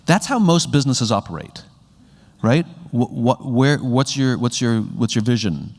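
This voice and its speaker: A man's voice: mid-range voice, lively intonation, measured pace, a little mellow. Conversational man speaking in a reverberant hall. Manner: conversational, acts out quoted dialogue with rising animation. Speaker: speaker on leadership. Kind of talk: keynote talk to an audience. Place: large hall with a live audience.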